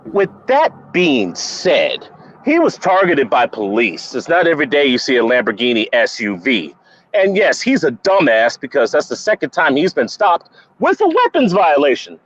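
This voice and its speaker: A sports panel guest, a man, speaks in a higher-pitched voice that swings widely as he makes his points. He is emphatic and repeats himself for force, and his remote audio sounds muffled. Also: wildly swooping pitch, normal speed, fairly bright tone. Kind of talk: opinionated sports commentary.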